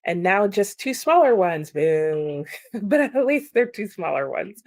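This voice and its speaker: A woman's voice: mid-range voice, very animated, a little slow, darkish tone, no room sound, clean studio sound. A woman hosting a casual livestream, chatting about chat comments with frequent laughs and lots of "like" fillers.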